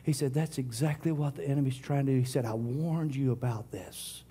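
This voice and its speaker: A middle-aged man preaching a sermon, swinging from loud declarations to hushed whispers. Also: medium pitch, a little fast, slight background noise. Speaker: pastor.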